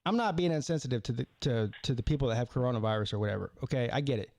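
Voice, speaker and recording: A man hosting a live call-in sports talk show, talking in an animated, rambling way with many restarts. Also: mid-range voice, very fast, creaky, no echo, studio quality.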